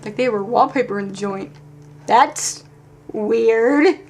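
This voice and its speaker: A let's play streamer, a woman with a slightly high voice and slow pace, gives casual live commentary as she plays, thinking aloud and swearing. She swings between sudden loud outbursts and quiet muttering.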